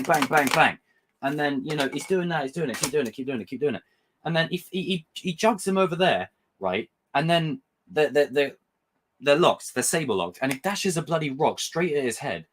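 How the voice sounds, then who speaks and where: A young man hosting a casual livestream review, talking in an excitable, rambling way and swearing freely. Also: a little high. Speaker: host.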